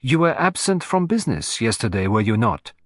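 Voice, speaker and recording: A man's voice: mid-range voice, sing-song, a little fast, dry recording. A smug, theatrical detective who savors every deduction, his clipping each phrase, as a male audiobook reader puts him on. The voice leaps about expressively and sounds dry and close. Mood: accusing. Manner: precise, self-satisfied, theatrical. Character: fussy, proud, shrewd older male Belgian detective.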